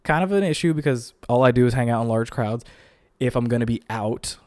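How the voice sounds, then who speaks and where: A man's voice: mid-range voice, brisk, a little mellow, no echo. A young man hosting his own podcast at home, chatting casually and joking with lots of filler words while still tired and a bit out of breath. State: tired and a bit winded after illness. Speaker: podcast host. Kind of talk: casual solo podcast monologue. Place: home recording setup.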